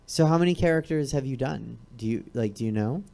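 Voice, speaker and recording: A man's voice: medium pitch, fairly quick, gravelly, darkish tone. A man hosting a talk show, asking questions in a hesitant, searching way. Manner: hesitant, inquisitive, restarts questions. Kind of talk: casual interview chat. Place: comedy theater stage.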